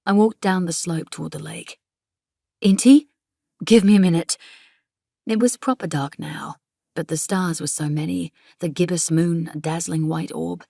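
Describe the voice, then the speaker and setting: A woman narrates a novel in a measured, intimate first-person reading. Her low voice carries a gravelly grain, close-miked in a dry studio. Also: steady tone, dark tone, no room sound. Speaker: audiobook narrator.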